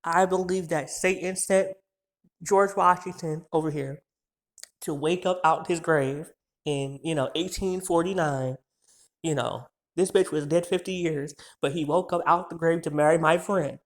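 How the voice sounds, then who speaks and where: A man's voice: fairly high pitch, steady tone. A man in his twenties telling a story in a heated, profane rant, so worked up that he trips over his words. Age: 20s. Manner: heated, profane, rapid-fire insults.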